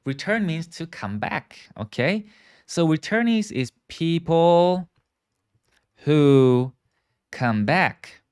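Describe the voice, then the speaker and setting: This man's voice is on the high side, animated, and clean, and he takes it slowly while teaching English live online. He explains vocabulary, asks viewers to repeat after him, and keeps checking with "okay" and "right."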